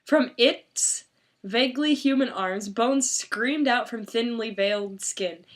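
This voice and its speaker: A woman's voice: on the high side, slow pace. A woman reading bad fan fiction aloud for laughs, with sarcastic asides. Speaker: fanfiction reader. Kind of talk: mocking dramatic reading.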